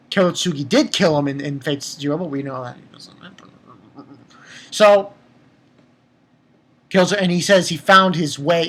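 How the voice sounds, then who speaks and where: A man's voice: a little high, fairly bright tone, husky. A man giving a casual spoken review of an anime episode, emotional and profane, often stumbling and restarting his words.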